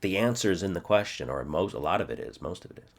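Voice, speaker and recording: A man's voice: low voice, animated. Man in his forties drilling phrases aloud. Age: 40s. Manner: thinks aloud, checks himself, repeats phrases slowly. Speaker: language teacher. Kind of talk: self-study demo lesson.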